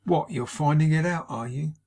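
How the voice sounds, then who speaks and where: A man with a husky voice playing a drunken, cruel young husband who bullies and sneers at his wife in an audiobook. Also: a little high, moderate pace, a little mellow. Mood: contemptuous. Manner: snarling, contemptuous. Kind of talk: audiobook character voice.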